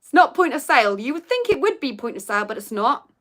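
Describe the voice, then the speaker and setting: A woman's voice: sits high, sing-song, fast, a bit bright. Giggly chatty woman hosting live. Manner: chatty, giggly, reads out viewer comments. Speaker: livestream host. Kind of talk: casual live chat quiz.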